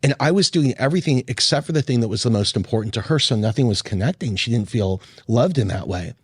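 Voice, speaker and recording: Husky-voiced man sharing a story. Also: mid-range voice, animated, quick pace, dry recording, studio quality. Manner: earnest storyteller with many fillers. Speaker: roundtable guest. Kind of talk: candid roundtable discussion.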